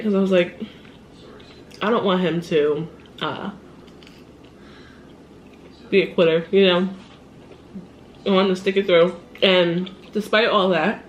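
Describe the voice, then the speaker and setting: A woman's voice: on the low side, slight background noise. Upset woman telling a story. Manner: animated, upset, laughs often, quotes people. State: shaky. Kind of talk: casual storytime while eating.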